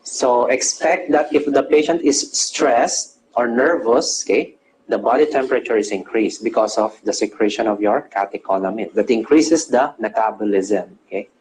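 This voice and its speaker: This classroom lecture comes from a man with a darkish, medium-pitched voice speaking at a moderate pace, and the recording quality is low. Teaching nursing, he poses questions, supplies the answers himself, and clarifies English terms, tacking "okay?" onto almost every phrase.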